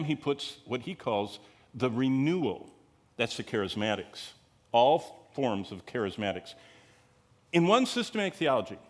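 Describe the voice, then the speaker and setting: Man, Bible teacher, conversational lecture to a group, digressive, rhetorical questions, emphatic stresses, mid-range voice. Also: mid-range voice.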